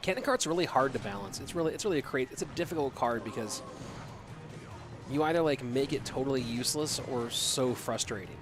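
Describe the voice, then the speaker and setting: A man's voice: medium pitch, lively intonation, brisk, over music. Rambling man streaming esports commentary. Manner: loose and rambling, with frequent restarts while answering chat. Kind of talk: live esports commentary mixed with reading chat.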